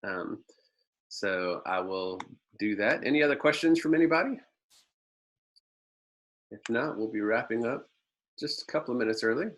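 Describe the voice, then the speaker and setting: A man's voice: mid-range voice, expressive, moderate pace, pauses often, fairly bright tone, low-quality recording. A man presenting a marketing webinar over a video call, telling a folksy story with lots of ums and uhs.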